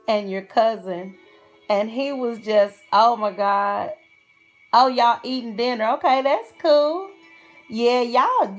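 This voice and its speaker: Middle-aged woman, livestream host, high voice, slow unhurried pace, giggles constantly. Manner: giggly, laughs often between phrases. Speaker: channel host. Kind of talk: casual livestream chat.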